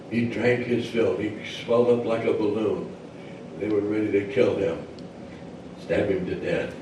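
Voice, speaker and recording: A man's voice: on the low side, mellow, a little hiss or hum. A man speaking at a church service and telling an old legend in a folksy, digressive way. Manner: folksy and digressive, many uh fillers. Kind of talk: sermon storytelling. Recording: very echoey church hall, mic far off.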